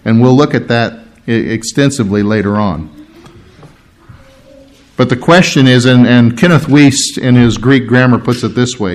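A man preaching a sermon in church, animated and emphatic, stopping to explain Greek words. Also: medium pitch, measured pace. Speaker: pastor.

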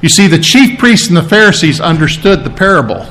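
Man, high-pitched voice, sermon, conversational teaching, repeats and restarts, clears throat. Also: very animated, fairly quick, a bit bright, a little hiss or hum, rough recording. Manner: teaching, conversational, frequent restarts and check-ins. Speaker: pastor.

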